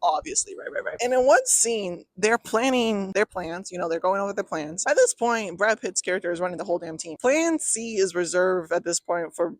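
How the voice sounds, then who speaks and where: A woman's voice: medium pitch, animated, a little fast, hardly any pauses, no room sound. Sarcastic, foul-mouthed young woman reviewer. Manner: sarcastic, profane, frequently laughing. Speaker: film reviewer. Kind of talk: casual rant-style movie review.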